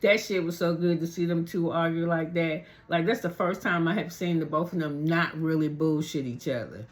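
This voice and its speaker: A woman vlogger casually recapping a reality TV episode, rambling and cursing freely with colloquial grammar, and jumping her pitch when she acts out quotes. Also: normal speed.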